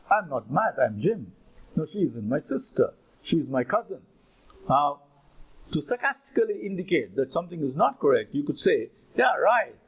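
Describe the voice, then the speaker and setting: A man teaches phrases, his pitch swinging widely as he reads out sample dialogues. His voice is a little husky and sits fairly high. The recording sounds dull and lo-fi. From India. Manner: explains phrases, then reads out example dialogues. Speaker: English teacher. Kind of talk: spoken language lesson.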